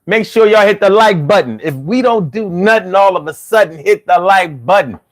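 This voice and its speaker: Animated Philadelphia man chatting casually. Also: high-pitched, normal speed. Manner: loose and animated, drawls words out when joking. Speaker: live stream host. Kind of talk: casual live-stream chat.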